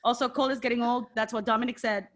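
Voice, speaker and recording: A woman co-hosting a casual wrestling podcast, animated and playful, jumping between sighs and excited outbursts. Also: a little high, fast. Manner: animated, playful, swings into mock voices. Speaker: podcast co-host. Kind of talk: casual chat.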